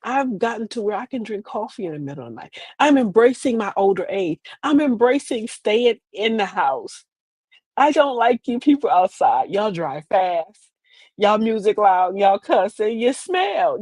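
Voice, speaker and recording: A woman's voice: mid-range voice, a little mellow, husky, no room sound. Sassy chatty woman in her fifties. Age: 50s. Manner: chatty, sassy, rambling with repeated phrases. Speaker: streaming show host. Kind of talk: casual comedic monologue.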